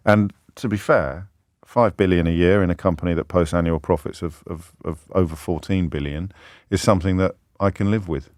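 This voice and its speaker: A man hosting a talk radio phone-in, speaking in an animated, indignant way and firing off rhetorical questions. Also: low-pitched, moderate pace, dry recording, studio quality. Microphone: studio microphone.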